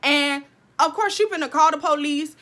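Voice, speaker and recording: A young woman with a high, bright, ringing voice tells a story in a casual vlog. She is animated and swears freely, and she keeps talking straight to her viewers. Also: moderate pace. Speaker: vlogger.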